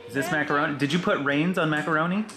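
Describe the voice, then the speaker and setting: A woman's voice: deep voice, very fast, over music. A woman in sing-song baby talk with a toddler, coaxing and imitating animal sounds. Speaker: mother.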